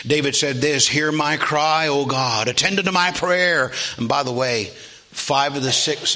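Bright-voiced preacher man building to a shout. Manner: builds to loud, high, drawn-out preaching with call-and-response; asks the congregation for amens. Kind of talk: sermon.

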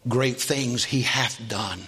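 A man preaching a sermon to a congregation, asking for amens and building from steady talk to loud, high, drawn-out preaching. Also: slightly rough.

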